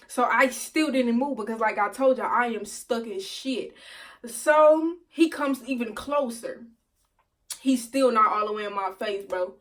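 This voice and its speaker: A young woman telling a storytime vlog to her viewers, animated and profane, laughing often. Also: fairly high pitch, moderate pace, distant mic. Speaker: vlogger.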